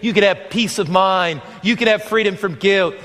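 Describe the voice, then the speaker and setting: A man's voice: high-pitched, normal speed, a bit bright, long reverb tail. A man preaching an evangelistic sermon as pastor, earnest and pleading, acting out the voices in his stories.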